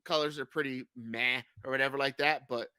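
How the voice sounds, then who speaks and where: A man's voice: medium pitch, fairly even intonation, fairly quick, pushed and bright, clean tone, no room sound. Rambling joking podcast guy, dry sound. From California. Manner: rambling, joking, many fillers. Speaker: podcast co-host. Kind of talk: casual sports chat.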